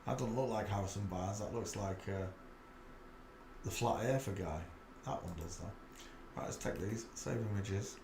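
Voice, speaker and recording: A man's voice: lowish voice, moderate pace, vocal fry, long pauses, roomy sound, background noise. A man with a Yorkshire accent giving a muttered running commentary as he browses images for his channel. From England. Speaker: channel host.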